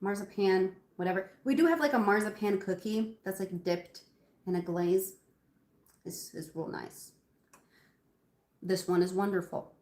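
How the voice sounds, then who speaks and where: A woman's voice: mid-range voice, a little mellow, roomy sound. A woman hosting a casual cooking livestream from her home kitchen, chatting with viewers in a rambling way with lots of ums. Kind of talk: casual live cooking chat.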